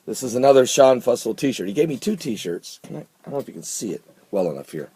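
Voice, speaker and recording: A man's voice: fairly low pitch, darkish tone, breathy edge, no echo. A man talking casually in a video blog, a little tired, chatty and given to repeating himself in disbelief. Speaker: vlogger.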